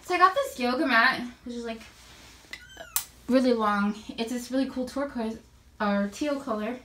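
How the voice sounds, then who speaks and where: High-voiced, breathless woman vlogger. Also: normal speed, fairly bright tone, slight background noise. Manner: chatty, coos to kittens in a sing-song voice. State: slightly out of breath. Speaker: kitten foster volunteer. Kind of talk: casual vlog chat. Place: at home with kittens.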